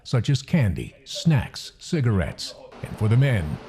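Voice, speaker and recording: A man reading scripted documentary narration in a measured, solemn way. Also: medium pitch, big pitch swings, warm tone, slight background noise.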